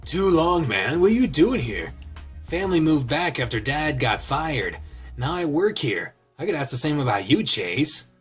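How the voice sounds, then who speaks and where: Chill friendly young husky guy, kinda husky raspy voice, read by a dude. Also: on the high side, big pitch swings, moderate pace, a bit bright, faint music behind, full character voice. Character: friendly young male husky, upbeat and easygoing.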